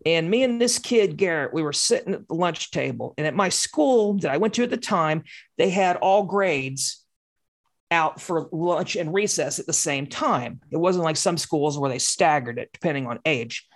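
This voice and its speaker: A woman's voice: sits low, animated, normal speed. A woman in her forties telling a story in casual podcast chat, heated and swearing freely.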